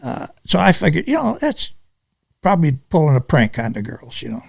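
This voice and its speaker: An older man from Michigan, a retired police sergeant, telling stories in an interview in a halting, unhurried way with many restarts. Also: on the high side, wildly swooping pitch, vocal fry, no room sound. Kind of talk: casual storytelling interview.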